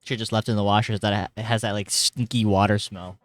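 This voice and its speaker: A young man live-streaming from his hot bedroom, chatting casually and reading chat aloud, rambling and jokey with sudden loud greetings, and a little tired. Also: fairly low pitch, little pitch movement, fast talker, no echo, soft background music. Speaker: livestreamer.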